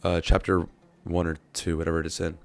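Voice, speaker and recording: Brief: low, creaky-voiced male podcast host, thoughtful and earnest. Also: completely flat delivery, quick pace. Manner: earnest, reflective. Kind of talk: casual podcast chat.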